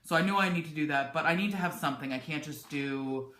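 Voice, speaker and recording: A woman's voice: low voice, fast talker, a bit bright, echoey room, a little hiss or hum. A woman chatting candidly to camera from her home office, rambling with frequent restarts. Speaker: vlogger. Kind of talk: casual chat to camera.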